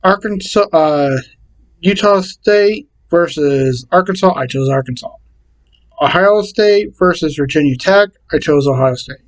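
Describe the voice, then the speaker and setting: Plain-talking man with a higher voice. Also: poor audio. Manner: plain, repetitive, halting with restarts. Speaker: vlogger. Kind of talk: casual talk to camera, reading out picks.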